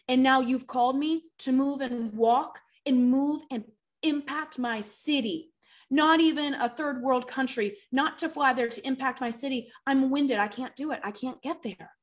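A woman in her thirties preaching a sermon, acting out people's excuses in lively voices. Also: fairly high pitch.

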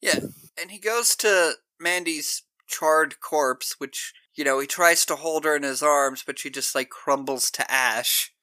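A male podcast co-host retells movie scenes casually, laughing as he goes, an animated storyteller in a relaxed film discussion. His voice is fairly high, his pace measured, and there's no echo.

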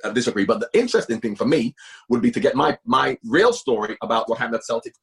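A middle-aged former football manager talks at length as a guest in a casual interview, emphatic and repeating himself for stress. His mid-range voice is gravelly, with lively intonation and a quick pace.

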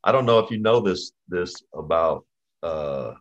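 A man hosting a talk show, chatting casually with a relaxed, hesitant delivery full of fillers. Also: deep voice, measured pace, muffled recording. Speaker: podcast host. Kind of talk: casual chat.

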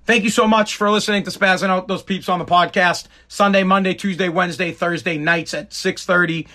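A man with a very high, bright voice rants hard on his own podcast. He swears freely and hammers his points home with emphatic repetition. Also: steady tone, fairly quick. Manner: heated, profane, emphatic. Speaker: podcast host. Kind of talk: opinionated podcast rant.

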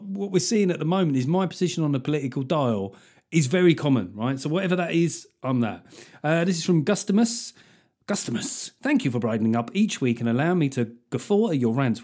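A man's voice: fairly high pitch, a little mellow. A man hosting a podcast, ranting comically with lots of swearing and sardonic asides while reading out listener reviews. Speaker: podcast host.

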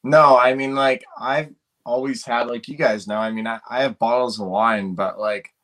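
A man joining a podcast as a guest, speaking at an ordinary mid pitch. He retells conversations in a relaxed way, leaning on "like" and "um" as he goes. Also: moderate pace. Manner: relaxed storytelling, many "like"s and fillers. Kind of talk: casual chat.

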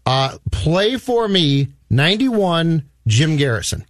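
A man's voice: a little high, big pitch swings, takes it slowly, a little hiss or hum. A man co-hosting a podcast, chatting casually about a movie and telling stories with animation. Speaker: podcast co-host.

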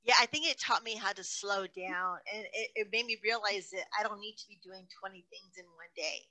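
A woman's voice: mid-range voice, brisk, pushed and bright, rough recording. A middle-aged woman hosting a casual interview, chatty and laughing easily. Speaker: host.

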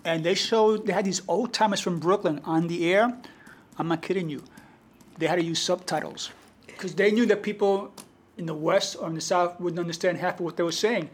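A guest storyteller and poet with a New York Bronx accent tells animated anecdotes in a conversational interview. His voice sits high and is slightly rough, and he talks a little fast.

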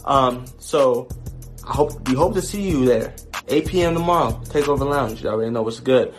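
A man hosting a show, signing off with a relaxed, slangy, drawn-out plug. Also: medium pitch, soft background music. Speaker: show host. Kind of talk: sign-off promo.

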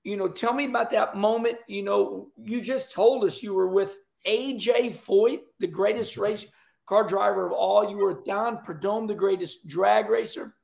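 High gravelly-voiced effusive host. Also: male voice, normal speed, darkish tone. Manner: emotional, effusive, asks long questions. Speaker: podcast host, former race driver. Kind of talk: casual interview.

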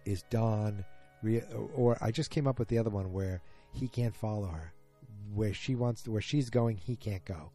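A man's voice: lowish voice, moderate pace, warm tone, soft background music. A man casually recapping a TV episode, musing aloud and trailing off with ums and restarts, speaking straight to his listeners.

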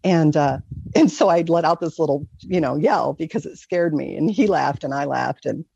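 A woman candidly telling a personal story as an interview guest, earnest and often breaking into soft laughs. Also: low voice, expressive, normal speed, gravelly, husky, no echo. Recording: dull lo-fi recording.

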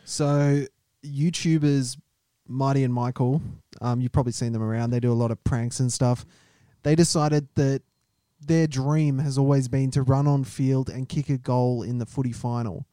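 A man with an Australian accent co-hosting a casual comedy podcast, telling stories in a relaxed way. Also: medium pitch, moderate pace, few pauses, no room sound. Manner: laid-back storyteller, laughs easily. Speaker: podcast co-host.

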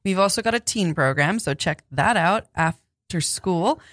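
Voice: mid-range voice, lively intonation, a little slow, a bit bright, dry recording, studio quality. A co-host of a community radio show reading station announcements and teasing the others. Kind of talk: casual radio banter.

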